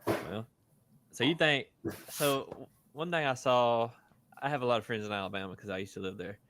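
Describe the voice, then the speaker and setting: A man's voice: mid-range voice, moderate pace, a bit bright. A man co-hosting a podcast, making sarcastic jokes in casual chat. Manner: joking, sarcastic. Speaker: podcast co-host.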